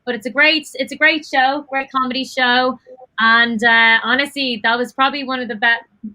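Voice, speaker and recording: A young woman with a Dublin Irish accent, chatting as a guest on a video call, excitable and quick to laugh. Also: high-pitched. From South Dublin, Ireland. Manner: excitable, gushing, laughs often. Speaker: guest, actress. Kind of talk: casual chat on a video call.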